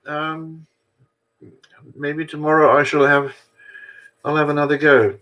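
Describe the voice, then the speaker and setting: A man's voice: fairly high pitch, slow pace, pauses often, sharp tone, low-quality recording. An older man talking casually to camera, self-mocking and chatty, drifting from one thought to the next. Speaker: vlogger. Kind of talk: rambling casual monologue.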